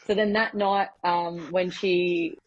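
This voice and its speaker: A woman's voice: fairly low pitch, steady tone, slow pace, a little hiss or hum. A young Australian woman telling stories in a chatty, laughing way as a podcast guest. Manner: chatty, with many fillers and laughs. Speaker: guest, professional MMA fighter. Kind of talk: casual podcast storytelling. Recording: slightly muffled podcast audio.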